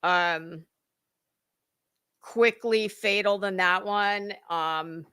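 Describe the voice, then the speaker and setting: A woman's voice: mid-range voice, very slow, pushed and bright, clean tone. A middle-aged woman, hosting a rambling livestream chat, greeting viewers by name and fighting a dry cough. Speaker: livestream host. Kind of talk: casual chat.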